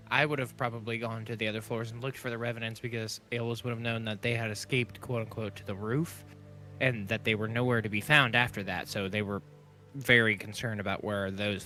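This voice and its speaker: A man's voice: medium pitch, sharp tone. A man playing a tabletop game, thinking aloud with many fillers. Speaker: player. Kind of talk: tabletop role-play.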